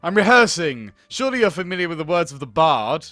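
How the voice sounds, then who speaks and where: A man's voice: a little high, very animated, brisk, sharp tone, no echo, clean studio sound, faint music behind. A man voicing a dramatic young female student who speaks in a theatrical, formal way while reading game dialogue aloud.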